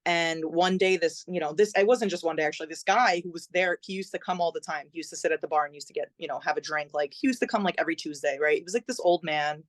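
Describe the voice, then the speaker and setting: A woman's voice: low voice, fast talker, few pauses, no room sound. A young adult woman, a podcast guest, chatting and telling her story with lots of fillers and acted-out quotes. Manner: chatty, many fillers, acts out quoted dialogue. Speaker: podcast guest, singer-songwriter. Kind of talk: conversational storytelling.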